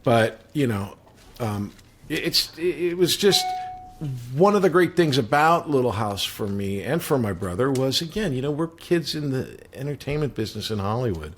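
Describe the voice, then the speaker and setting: A man's voice: medium pitch, very animated, moderate pace, slight background noise. A man, a guest actor, casually recounting stories from a set and laughing as he tells them. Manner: storytelling, laughs while recounting. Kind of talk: casual podcast chat.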